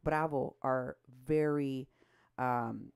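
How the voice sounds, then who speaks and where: A woman co-hosting a political talk show, animated and indignant, her voice jumping up when she is outraged. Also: rumbling low, drawn-out words, gravelly, clean tone. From Mexico. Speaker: co-host.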